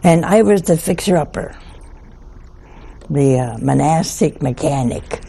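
Slow gravelly older nun telling stories. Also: female voice, deep voice, lively intonation, dark tone. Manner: slow, folksy anecdotal delivery. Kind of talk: humorous storytelling talk.

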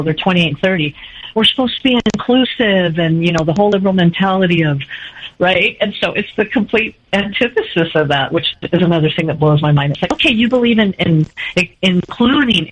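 A woman calling in to an advice show, sounding hurt and halting, often restarting her words. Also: medium pitch, breathy edge. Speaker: caller. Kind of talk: phone-in advice call. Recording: dull lo-fi phone line.

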